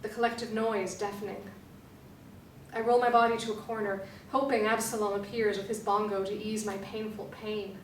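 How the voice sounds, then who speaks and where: A woman reads a novel excerpt dramatically, phrasing slowly and deliberately, with a flat, even pitch. Her voice sits far from the mic in an echoey room. A faint hum runs underneath. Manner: slow, deliberate phrasing with pauses. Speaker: performer reading a novel excerpt. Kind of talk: dramatic literary reading.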